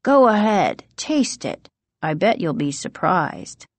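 Secretive middle aged scientist dad, calm and cagey, read by a woman. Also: lowish voice, slow, dry recording, exaggerated voice. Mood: evasive. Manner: calm and evasive.

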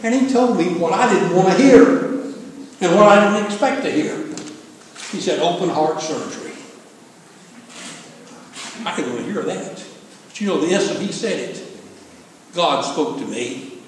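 A man's voice: sits high, expressive, normal speed, pauses often. An older man preaching a sermon in a folksy, humorous storytelling way. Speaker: pastor. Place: church sanctuary. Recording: echoey hall from far off, faint hiss.

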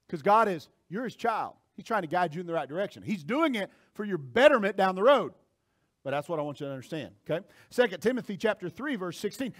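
A man preaching a sermon in a high, lively voice that climbs and drops all over. He moves from near-quiet asides to sudden shouted lines, speaking straight to the congregation. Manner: animated preaching, swings from soft asides to shouting. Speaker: pastor.

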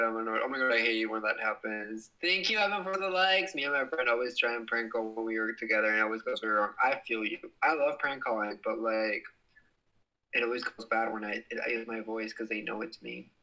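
A man's voice: mid-range voice, sharp tone, rough recording. Bubbly young man chatting on a livestream. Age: young adult. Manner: bubbly, giggly, exclaims and swears playfully. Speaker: livestream host. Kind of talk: casual livestream chat reading comments.

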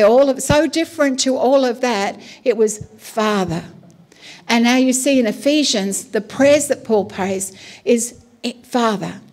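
A middle-aged woman pastor preaching a sermon in a chatty, animated way, full of asides and "you know". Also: a little high. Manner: conversational with frequent "you know".

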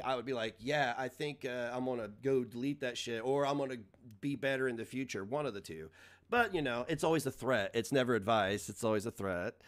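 A male streamer on a loose, profane rant, laughing at his own jabs as he goes. His pitch swings widely from low mutters to sharp high bursts. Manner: mocking, laughs often, swears freely. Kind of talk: casual live-stream rant.

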